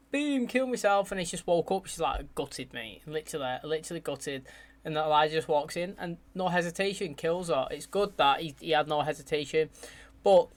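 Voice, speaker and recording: A young man with an English accent, chatting casually as he reacts to a TV episode, saying "mate" often. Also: on the high side. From England. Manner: chatty, animated, says "mate" a lot. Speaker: TV reaction host.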